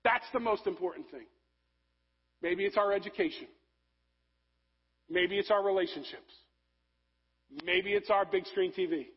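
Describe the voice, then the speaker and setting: A man preaching a sermon, rising to loud emphasis and dropping to soft, low passages. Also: unhurried, long pauses, breathy edge, highs cut off. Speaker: pastor.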